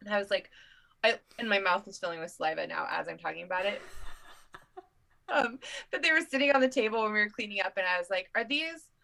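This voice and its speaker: A young woman co-hosting a casual chat, telling animated stories and laughing often. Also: mid-range voice, fast, gravelly, low-quality recording. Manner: chatty, animated storytelling with laughs. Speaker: podcast co-host.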